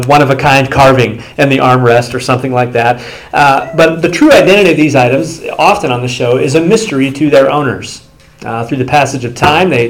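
A man's voice: medium pitch, poor audio. Male pastor, sermon delivery, conversational storyteller who acts out quotes. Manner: loose and conversational with restarts.

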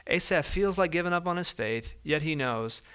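A man preaching a sermon in a conversational way, walking through verses and acting out everyday scenes in lively voices. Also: fairly high pitch, normal speed, smooth. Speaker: pastor.

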